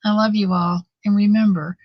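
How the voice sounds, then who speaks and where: A woman's voice: mid-range voice, steady tone, normal speed, no echo, highs cut off. A middle-aged woman hosting a live knitting stream, chatting casually and earnestly with viewers in a motherly way. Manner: warm, motherly, talks straight to viewers; earnest and faith-filled.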